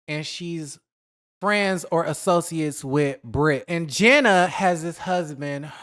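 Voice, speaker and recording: A man's voice: fairly high pitch, smooth. Chatty gossiping man hosting a vlog. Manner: chatty, animated, dishes shade and mimics others; says y'all, drawn-out emphasis. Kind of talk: casual gossip commentary.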